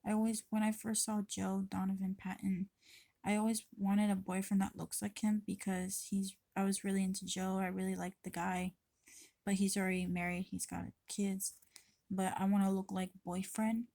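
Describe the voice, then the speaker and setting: A woman's voice: mid-range voice, little pitch movement, normal speed, vocal fry, dark tone, dry recording. A woman vlogging to her camera in a rambling, confessional way, swearing freely and often restarting her sentences. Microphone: camera mic.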